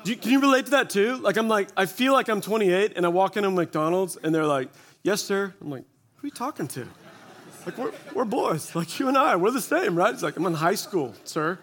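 This man in his forties sounds high, expressive, and fairly bright, speaking a little fast. Before an audience at a church gathering, he shares a self-deprecating, comic testimony, weaving in quoted asides as he tells stories.

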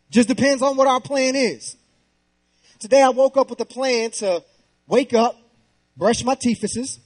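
A man in his thirties preaching through a comic personal story, animated and slangy. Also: high voice. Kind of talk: humorous sermon storytelling.

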